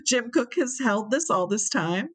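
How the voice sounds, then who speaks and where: A woman telling a story as an interview guest, animated and acting out the people she quotes. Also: a little high, a little slow, husky. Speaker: interview guest, brewery owner.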